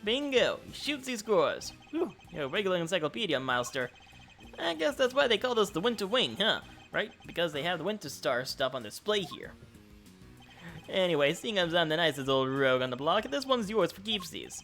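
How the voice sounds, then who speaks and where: A man's voice: high voice, sing-song, soft background music, pitched above the performer's own voice, heavily acted. A man doing a rowdy, teasing old rogue. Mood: jovial. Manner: loud, teasing, drawn-out exclamations. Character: boisterous joking older male photographer friend.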